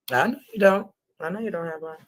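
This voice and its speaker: A woman hosting a casual livestream, chatting and swearing freely with her viewers. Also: lowish voice. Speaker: livestream host.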